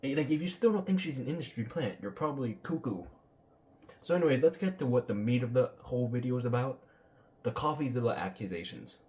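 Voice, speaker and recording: A man's voice: mid-range voice, animated, fast, a little mellow. A man hosting a reaction video, ranting bluntly and sarcastically with plenty of swearing. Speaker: commentary channel host.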